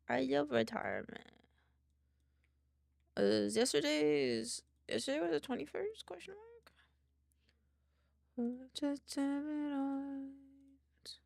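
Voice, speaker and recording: A woman's voice: high-pitched, takes it slowly, vocal fry, long pauses, a little mellow, no room sound, clean studio sound. A young adult woman streaming, chatting loosely with her viewers and swearing casually as she reads chat aloud.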